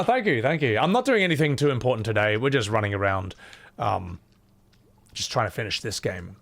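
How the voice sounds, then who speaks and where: Lively gravelly male streamer, put-on Scottish. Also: lowish voice, a little hiss or hum. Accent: exaggerated put-on Scottish. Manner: chatty and animated, swears freely, thanks chat often. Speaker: streamer playing a horror game. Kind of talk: casual live-stream chat with viewers.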